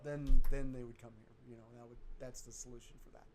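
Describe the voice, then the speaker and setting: A man's voice: mid-range voice, little pitch movement, fast talker, noisy background. A man co-hosting a casual chat show, making dry joking asides. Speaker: podcast co-host.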